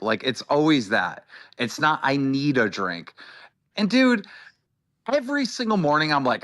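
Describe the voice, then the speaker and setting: A man's voice: mid-range voice, wildly swooping pitch, measured pace, fairly bright tone. A man in a played clip, talking brashly and casually, swearing as he boasts. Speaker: clip guest. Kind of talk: casual podcast chat.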